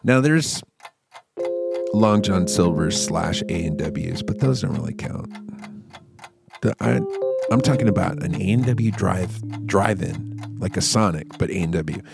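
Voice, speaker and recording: A man's voice: low voice, unhurried, vocal fry, loud music behind the voice. A man hosting a podcast, riffing crudely in a rambling, casual comedic monologue. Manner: crude, rambling, riffing with silly put-on voices. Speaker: podcast host.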